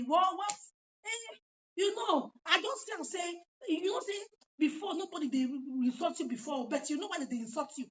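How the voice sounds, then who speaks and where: A woman with a Nigerian accent talking in a casual monologue, animated and emphatic, repeating her points. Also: very high-pitched, moderate pace, slight background noise. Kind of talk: casual monologue mixing Pidgin and local languages. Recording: dull lo-fi recording.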